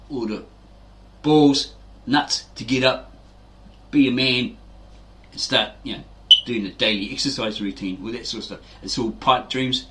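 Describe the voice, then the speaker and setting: A man's voice: medium pitch, fairly bright tone, slight background noise. Give me a man with a medium voice, rambling through stories to motivate viewers. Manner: anecdotal, chatty, keeps tagging with "right?". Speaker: fitness channel host.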